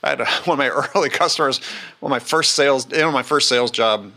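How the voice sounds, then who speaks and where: A man's voice: mid-range voice, quick pace, sharp tone. A man speaking as a guest in a casual interview, making emphatic points and repeating key phrases. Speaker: sales expert guest.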